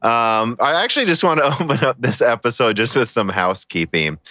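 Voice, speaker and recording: A man's voice: mid-range voice, expressive, a little fast, sharp tone, dry recording, clean studio sound. A man hosting a casual hardware podcast, chatty and joking, often laughing between words. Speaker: podcast host.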